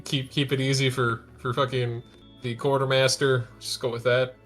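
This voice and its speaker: Brief: male player, goofy and profane, mid pitch, faint music behind. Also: little pitch movement, normal speed, fairly bright tone. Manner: goofy, swears casually. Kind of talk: joking tabletop chat.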